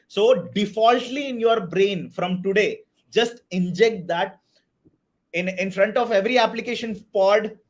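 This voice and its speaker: A man teaching a live online DevOps class, energetic, often checking if everyone is clear. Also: high-pitched. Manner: energetic, repeats "are you all clear" and "right"; hypes up the chat and counts down to a target. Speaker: DevOps instructor.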